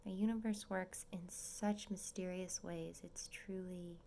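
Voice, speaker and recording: A young woman vlogging from her small apartment as a nursing student, chatting and gushing and often dropping into a soft whisper. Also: lowish voice, steady tone, measured pace, vocal fry, a little hiss or hum. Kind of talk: casual vlog update.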